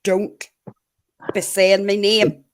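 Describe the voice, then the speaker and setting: A woman's voice: mid-range voice, little pitch movement, extremely slow, a crowd in the background. A woman hosting a livestream, friendly and supportive in casual chat.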